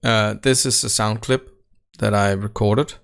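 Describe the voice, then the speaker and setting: Gravelly yet a bit bright and clean, his voice sits on the low side with fairly even intonation as he casually shows off his recording setup. The tech channel host halts often with fillers and restarts, speaking close into a desk mic in an untreated home room.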